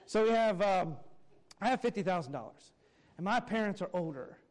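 A man's voice: high voice, expressive, normal speed, a little mellow. A man preaching a morning sermon as pastor, earnest and emphatic, with occasional wry asides.

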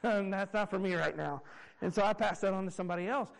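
Pastor, man, thirties, high voice; animated, self-mocking sermon storyteller. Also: quick pace, vocal fry, rough recording. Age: 30s.

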